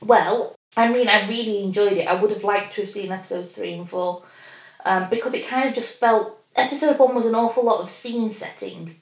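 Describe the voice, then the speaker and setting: A woman's voice: medium pitch, a little fast. A woman co-hosting a podcast, chatting casually about a TV episode, hesitant with many fillers and restarts. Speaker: podcast co-host. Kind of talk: casual chat reviewing a TV episode. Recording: roomy, dull lo-fi sound.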